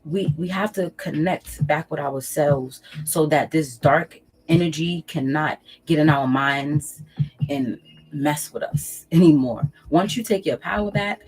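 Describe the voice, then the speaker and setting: Husky low-voiced woman giving emphatic advice. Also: measured pace, darkish tone, rough recording. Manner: emphatic and preachy, repeats phrases for weight, swears casually. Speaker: tarot reader and channel host. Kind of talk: casual spiritual advice monologue to camera.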